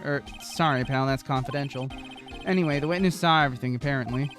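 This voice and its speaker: A streamer voicing a brash, gruff male police detective in a game who keeps calling people "pal". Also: medium pitch, quick pace, music in the background, voice pushed down, natural voice. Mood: explaining. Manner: gruff and blustery, says "pal". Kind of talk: voice acting while playing a game.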